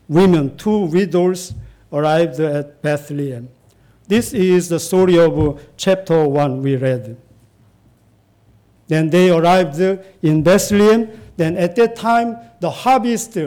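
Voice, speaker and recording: A man preaching a Bible teaching, speaking in a halting way with frequent pauses and repeated phrases. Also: high voice, mellow.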